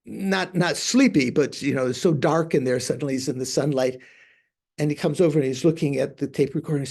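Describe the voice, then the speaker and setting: Hesitant older monk, mellow voice. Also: male voice, fairly high pitch, fairly quick, gravelly. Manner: hesitant, searching for words with many fillers. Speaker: Buddhist monk teacher. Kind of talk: anecdotal teaching talk.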